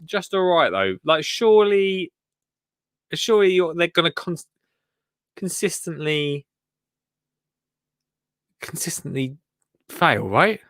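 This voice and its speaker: Man, podcast host, from the UK, lively up-and-down delivery, fairly high voice, laughs a lot. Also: takes it slowly, long pauses, no room sound. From United Kingdom. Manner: animated, laughs often, exclaims in disbelief. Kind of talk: live podcast chat.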